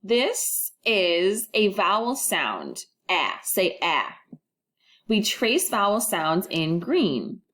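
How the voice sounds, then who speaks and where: A woman teaching a recorded first-grade phonics lesson, modeling sounds clearly and prompting children to repeat after her. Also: mid-range voice, very animated, extremely slow, a bit bright.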